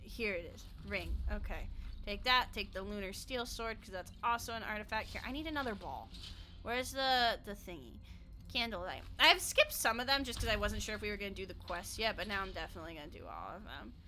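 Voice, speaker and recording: A woman's voice: mid-range voice, big pitch swings, brisk, pushed and bright. A young adult woman streaming a game, chatting casually in a bubbly way, laughing often and swearing offhandedly. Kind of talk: casual live-stream chat while playing.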